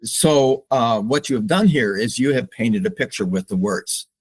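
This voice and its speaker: An older man, a psychologist guest on a podcast, speaking slowly and reflectively with open emotion. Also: mid-range voice, expressive, breathy edge. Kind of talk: podcast interview.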